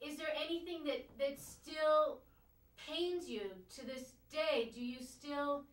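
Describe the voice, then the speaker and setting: A woman's voice: high-pitched, steady tone, slow pace, far from the mic. A woman asking interview questions in a careful, apologetic way. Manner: careful, apologetic, repeats words. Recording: echoey room, away from the mic.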